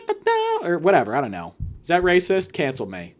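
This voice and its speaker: A man hosting a comic solo podcast rant, profane and sarcastic, swinging between loud mock-angry jabs and muttered asides. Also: fairly high pitch, huge pitch swings, brisk, hardly any pauses. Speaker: podcast host.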